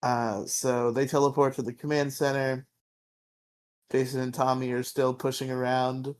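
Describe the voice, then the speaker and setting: A young man co-hosting a podcast, casually recapping a show, swearing freely and tossing in quick character impressions. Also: mid-range voice, level tone. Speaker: podcast co-host.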